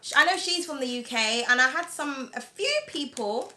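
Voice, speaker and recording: A woman's voice: high voice, expressive, moderate pace, pushed and bright. A British woman with a slightly whiny voice, chatting loosely through a live tarot reading with lots of fillers and frequent laughs. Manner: chatty and rambling, full of "like" and "um", laughs often. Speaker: tarot reader.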